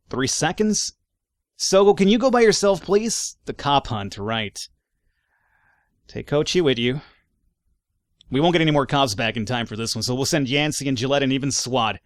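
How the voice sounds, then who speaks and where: A man's voice: mid-range voice, fairly bright tone, dry recording, studio quality. A man giving casual gameplay commentary, reading in-game reports aloud between wry, sarcastic asides. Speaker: let's play gamer.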